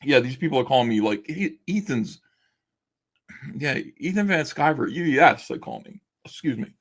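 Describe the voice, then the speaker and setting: A man's voice: medium pitch, animated, normal speed. Sarcastic guy ranting on his home stream, voice jumps all over the place. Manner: sarcastic, mocking, rambling. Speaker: livestream host. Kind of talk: casual livestream rant.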